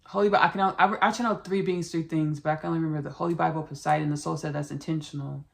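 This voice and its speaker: A woman's voice: low voice, steady tone, racing, gravelly. A woman podcast host with a Southern US country accent, giving a rambling, repetitive spiritual monologue full of restarts and familiar asides. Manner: rambling and repetitive, with frequent restarts, calling listeners "y'all" and "baby".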